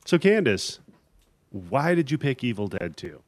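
A young man hosting a horror movie podcast, talking in a relaxed, joking way and swearing casually. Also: medium pitch, a little slow, no room sound. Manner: laid-back, jokey, swears casually. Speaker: podcast host.

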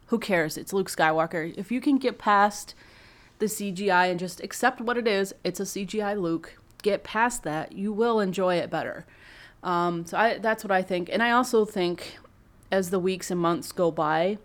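A woman giving a casual, excited fan review, rambling and emotional as she talks. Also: mid-range voice.

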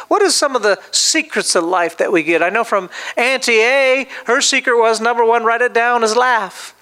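Man, pastor, sermon storytelling, very high voice, smooth clear tone, lively restarts. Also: normal speed.

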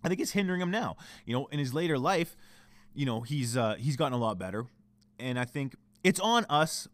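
A man's voice: mid-range voice, expressive, fairly quick, no room sound. A young Canadian man hosting a solo podcast from home, ranting in a profane, heated and confessional way, cranky. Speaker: podcast host.

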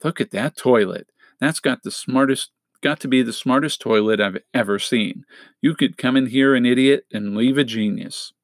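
A man's voice: medium pitch, normal speed, no room sound, close to an everyday voice. Male reader voicing a sarcastic teen boy, drawling and mocking, dry booth sound. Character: cocky teenage boy troublemaker, mocking.

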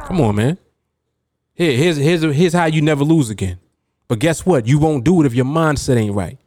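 Guy hosting a trading podcast, loud emphatic street-casual talk, laughs a lot, dry sound with no room. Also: a little high, lively intonation, moderate pace, no room sound, soft background music. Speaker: trading coach and podcast host. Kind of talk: casual podcast talk reading live chat comments.

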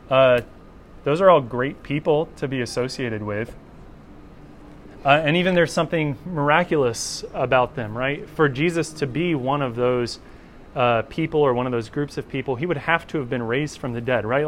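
A man's voice: a little high, normal speed, slight background noise. A man teaching a Bible class in an informal lecture, talking conversationally and often checking in with "right?".

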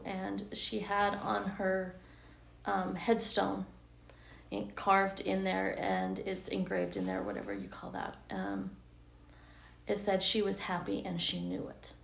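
Hesitant older woman, gravelly voice. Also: mid-range voice, roomy sound. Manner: thoughtful, hesitant with many ums. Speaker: podcast guest. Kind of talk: casual interview chat.

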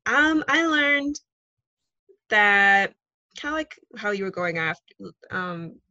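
A woman's voice: mid-range voice, very animated, takes it slowly, pushed and bright, dry recording, dull audio. A young woman co-hosting a casual podcast, chatty and laughing often. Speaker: podcast co-host.

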